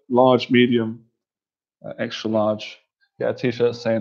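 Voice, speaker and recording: Guy on a stream, keeps laughing, worn out, middle pitch, kinda muffled audio. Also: slow, a little mellow. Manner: giggly, keeps cracking up laughing. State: tired. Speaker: livestream host and coach. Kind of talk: casual livestream chat reading viewer comments.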